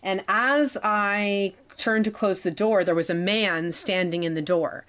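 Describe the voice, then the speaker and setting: A woman in her forties telling her own story in a halting way, with restarts and small laughs. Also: medium pitch, fairly bright tone. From Canada. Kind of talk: personal storytelling.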